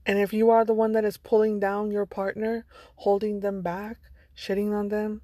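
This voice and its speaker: A woman's voice: medium pitch, flat delivery, moderate pace, dark tone, dry recording. Blunt, earnest motivational woman. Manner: earnest, blunt, sprinkled with profanity. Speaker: vlogger. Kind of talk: motivational monologue.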